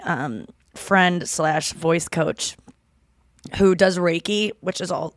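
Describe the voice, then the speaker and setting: A woman's voice: fairly low pitch, vocal fry, no room sound, clean studio sound. Chatty, rambling woman podcast host. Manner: rambling, chatty, swears casually. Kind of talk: casual podcast chat.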